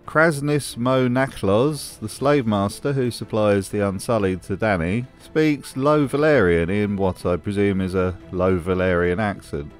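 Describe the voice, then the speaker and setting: A man's voice: on the low side, a little slow, hardly any pauses, soft background music. A man hosting a scripted commentary video, with a wry, sarcastic manner. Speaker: host.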